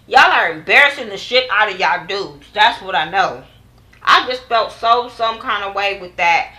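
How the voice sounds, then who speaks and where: A young woman casually recapping a TV episode in a vlog, animated and profane, acting out what others said. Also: mid-range voice, moderate pace, rough recording. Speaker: TV show reviewer.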